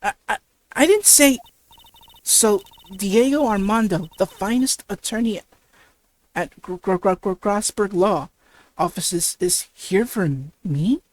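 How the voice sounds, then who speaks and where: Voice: medium pitch, slow pace, natural voice. A reader voicing a nervous rookie female lawyer. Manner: unsure, stammering. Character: nervous young female rookie defense attorney. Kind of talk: reading game dialogue aloud.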